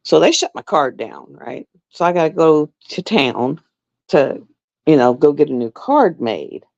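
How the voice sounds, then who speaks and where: This is a middle-aged woman on a livestream, sewing as she chats and rambles through stories. Her low, darkish voice is very animated yet measured in pace. Sound quality is dull, dry and lo-fi.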